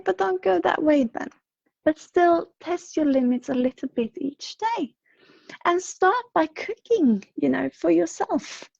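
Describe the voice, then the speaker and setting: Swedish-accented woman on a stream, a bit sick, dark mellow tone, rambly and soft, muffled dry mic. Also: very high voice, vocal fry, no room sound. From Sweden. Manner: gentle, rambling, frequent fillers and soft laughs. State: slightly unwell. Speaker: intuitive reader on a livestream. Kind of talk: livestream message reading and chat. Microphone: home streaming microphone.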